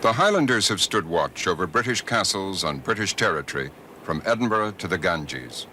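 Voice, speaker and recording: A middle-aged man narrating a documentary as host, measured and expressive. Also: deep voice, a little hiss or hum. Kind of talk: scripted narration.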